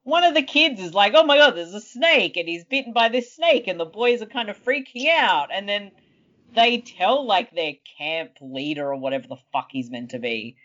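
A woman's voice: mid-range voice, expressive, normal speed, fairly bright tone. A woman chatting casually and animatedly, swearing freely and acting out scenes in exaggerated voices. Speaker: podcast co-host. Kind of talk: casual chat. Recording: dull lo-fi sound.

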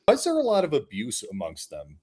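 A man's voice: mid-range voice, huge pitch swings, fast, darkish tone, breathy edge. A man making wisecracks and asking questions while watching a movie with friends. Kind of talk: casual movie-watching chat.

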